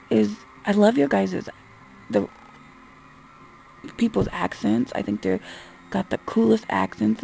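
A woman's voice: on the high side, vocal fry, dark tone, a little hiss or hum. A woman vlogger in a casual, exasperated rant, talking bluntly and swearing freely. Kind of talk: casual ranting monologue.

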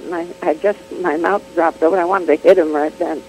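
An older woman chatting as an interview guest, telling an animated anecdote full of restarts, laughs and acted-out quotes. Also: lowish voice, fairly quick, faint music behind, rough recording. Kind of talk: casual chat, telling an anecdote.

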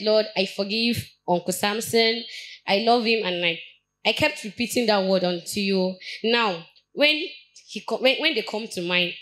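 A young Nigerian woman shares a personal testimony at a church Bible study. She speaks earnestly and haltingly, doubling back and repeating words as she goes. Her voice sits at a middle pitch for a woman. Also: bright, forceful tone, low-quality recording. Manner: earnest, halting with frequent restarts and repetitions. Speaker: church member giving testimony.

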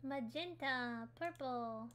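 High, bright-voiced woman streamer chatting. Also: takes it slowly, slight background noise. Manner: chatty and giggly, reacting to chat while building. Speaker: livestream host. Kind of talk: casual gaming livestream chat.

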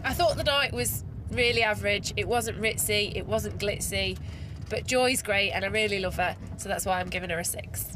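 An animated, outspoken woman chats at a dinner party. Clear background noise sits behind her voice. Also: medium pitch, moderate pace. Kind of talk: casual chat and interview asides.

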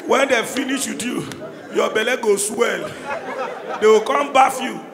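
A man doing stand-up in Nigerian Pidgin, his voice pitched high and rough with fry. He shouts his punchlines across a large, reverberant hall. A crowd laughs and cheers behind him. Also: a little slow. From Anambra State, Nigeria. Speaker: stand-up comedian. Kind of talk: stand-up comedy. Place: live comedy show in a large hall. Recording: echoey hall, crowd noise.

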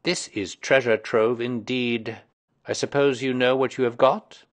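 A man's voice: mid-range voice, steady tone, a little slow, natural voice. A man reading aloud voices a self-assured Victorian male detective explaining his deductions in a precise, lecturing way.

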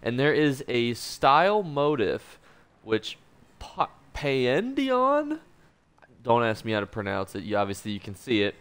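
An upbeat man walks through a game guide with a smooth, clear voice. He talks at a medium pitch and makes light jokes about his own script. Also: normal speed, a bit bright. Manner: upbeat, joking, self-correcting. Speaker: gaming YouTuber.

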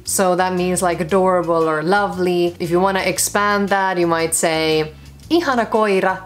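A woman's voice: lowish voice, steady tone, moderate pace, soft background music. A young Finnish woman with a Finnish accent, teaching phrases in a chatty, joking vlog. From Finland. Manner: chatty, joking, self-mocking. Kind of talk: casual vlog lesson.

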